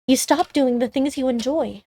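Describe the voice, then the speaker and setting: A woman's voice: high-pitched, normal speed, mellow, a little hiss or hum. A woman reading the lines of a blunt, protective sibling who confronts their brother, in her own voice. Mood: concerned.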